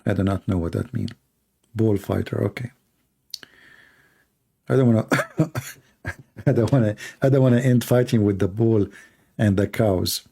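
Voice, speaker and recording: A hoarse man hosts a live Q&A stream in non-native English, arguing through rapid rhetorical questions. His voice is gravelly and husky, with a dark, mellow tone. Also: fairly low pitch. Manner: argumentative, fires rhetorical questions. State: hoarse, coughing. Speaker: debate livestream host.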